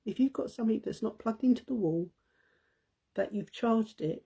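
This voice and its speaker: A woman's voice: on the high side, normal speed, creaky, mellow, slightly rough. Giggly woman telling a home story. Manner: giggly anecdote telling, laughing often. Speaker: live stream host. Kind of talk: casual chat on a live stream.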